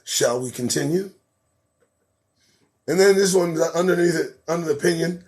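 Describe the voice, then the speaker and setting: A man hosting a live commentary show, riffing sarcastically on news items, laughing often and swinging between loud outbursts and low mutters. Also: normal speed, pauses often. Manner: laughs a lot between remarks.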